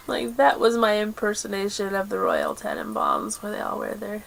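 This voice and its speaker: A woman hosting a crafting video podcast in casual chat, chatty and quick with asides, laughing often. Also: medium pitch, wildly swooping pitch, vocal fry. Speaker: podcast host.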